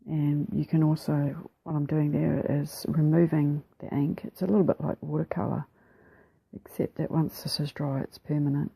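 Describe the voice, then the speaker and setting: A woman with a New Zealand accent narrating her craft process over a time-lapse, soft-spoken and relaxed, often slipping into a whisper, a little self-deprecating. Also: low-pitched, normal speed, gravelly, breathy edge, no room sound, poor audio. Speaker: mixed media artist.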